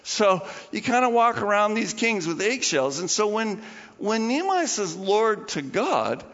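A man's voice: high-pitched, big pitch swings, measured pace, fairly bright tone. A man preaching a sermon as pastor, chatty and informal, with laughing asides to the congregation. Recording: muffled sound with long hall reverb.

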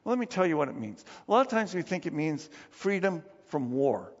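A man's voice: on the high side, very animated, brisk. A man preaching a conversational sermon as pastor, telling stories with chuckles and restarts. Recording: long reverb, dull lo-fi sound.

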